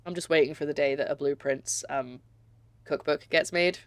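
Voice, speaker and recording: A woman's voice: deep voice, moderate pace, no room sound. Young woman, light Scottish accent, casual game streaming, chatty, rambling, desk mic. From Scotland. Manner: chatty, rambling, reads chat aloud. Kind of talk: casual gameplay commentary.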